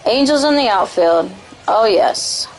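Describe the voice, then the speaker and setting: A woman with a Southern country accent, chatting and teasing excitedly while streaming a game. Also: mid-range voice, unhurried, a little hiss or hum, poor audio. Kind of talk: casual live-stream gaming chat.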